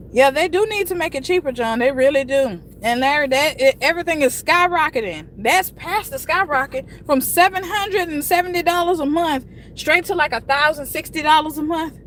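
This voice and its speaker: Brief: high-voiced woman, thirties, exasperated casual live-stream rant, faint background noise. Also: a bit bright, low-quality recording. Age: 30s. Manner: frustrated, venting, frequent cursing.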